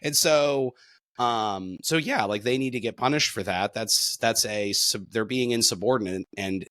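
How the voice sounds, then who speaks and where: A man co-hosting a casual reaction discussion, talking emphatically and rising sharply in pitch and volume when he stresses a point. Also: normal speed, dry recording. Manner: emphatic, gets sharply louder and higher when making a point. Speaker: podcast co-host.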